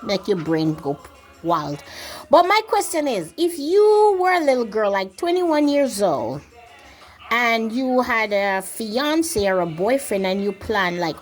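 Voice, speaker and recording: A woman's voice: medium pitch, measured pace, faint music behind. A woman telling a personal story in a rambling, casual way, acting out what people said along the way. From grew up outside the country she now lives in. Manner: rambling, quotes herself and others in lively acted-out voices.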